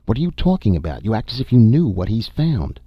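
A man's voice: lowish voice, very animated, quick pace, slightly rough, no echo, highs cut off, pitched above the performer's own voice. A man voicing a woman space explorer, speaking in clipped, irritable lines in an audiobook. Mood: bitter. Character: female space explorer, sharp and bitter.

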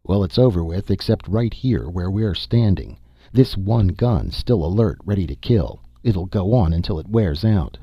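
A man voicing a calm, grim male expedition leader who explains things in a measured way, in an audiobook. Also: low voice, slightly rough, dry recording, highs cut off.

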